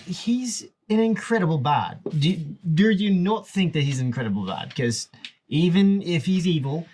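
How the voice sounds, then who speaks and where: A man playing a tabletop game, excitable and rambling, often laughing. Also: fairly high pitch, moderate pace, breathy edge.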